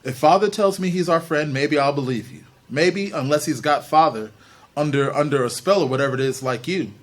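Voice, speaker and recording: A man's voice: a little high, a little fast, lightly acted. A man voicing a desperate teenage girl who speaks sharply and defiantly.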